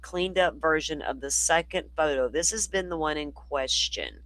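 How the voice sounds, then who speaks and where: A man's voice: on the high side, normal speed, sharp tone, no echo, poor audio. Guy on a livestream, voice worn out from talking all day, rambly, dry close sound. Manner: chatty, rambling, talks to chat. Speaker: livestream host. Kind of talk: casual live commentary.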